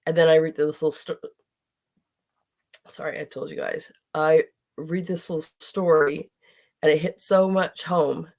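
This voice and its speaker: A woman's voice: deep voice, fairly even intonation, measured pace, creaky, long pauses, darkish tone. A middle-aged woman hosting a podcast, speaking in an impassioned, indignant monologue and at times near tears. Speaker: podcast host.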